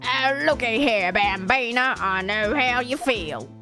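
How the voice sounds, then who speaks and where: A woman doing a slow-drawling cowboy detective. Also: fairly high pitch, animated. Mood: drawling, lazy. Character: drawling cowboy detective man, laid-back. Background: game music.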